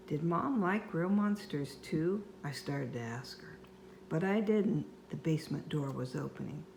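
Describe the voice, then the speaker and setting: An older woman reading a children's book aloud at home in a slow, expressive storyteller manner. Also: deep voice, gravelly, a little hiss or hum. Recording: echoey room with faint ambience.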